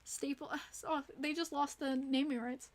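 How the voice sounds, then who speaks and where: Woman streamer, high bright-pitched voice, chatty and reactive, casual livestream host. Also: steady tone. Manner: chatty, reacts to viewer chat with quick exclamations.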